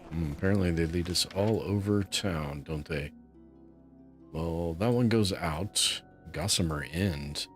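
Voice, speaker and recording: A man hosting a relaxed let's play, chatting and musing aloud as he plays. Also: low voice, a little slow, soft background music. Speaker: gameplay host.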